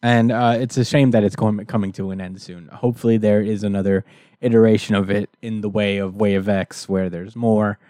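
A man's voice: fairly low pitch, brisk, dry recording. A man co-hosting a casual podcast, animatedly recapping a comic book and acting out the characters' lines. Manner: animated storyteller who acts out characters' lines. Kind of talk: casual chat.

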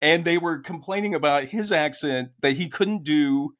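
A man's voice: a little high, normal speed, a bit bright. American guy cohosting a podcast, chatty, laughs a lot while he explains stuff. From United States. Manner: chuckles often while explaining. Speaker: podcast co-host. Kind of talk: casual podcast chat.

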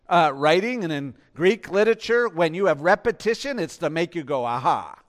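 A man's voice: a little high, clear, resonant tone, big-room sound. A man, the pastor, preaching a sermon with emphasis and tossing rhetorical questions to the congregation.

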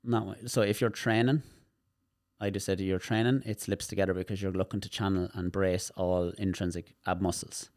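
Irish man, deep voice, dry close sound, chatty therapist guest who explains with lots of repeats and little demonstrations. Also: a little fast, no echo. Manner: animated, demonstrative, repeats words while explaining. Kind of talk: casual interview chat.

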